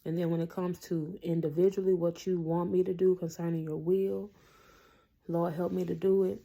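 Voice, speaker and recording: A woman's voice: on the low side, flat delivery, normal speed, vocal fry, warm tone. A woman in a casual, earnest faith talk to camera, preaching to her viewers with lots of fillers. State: tearful at times. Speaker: Christian vlogger.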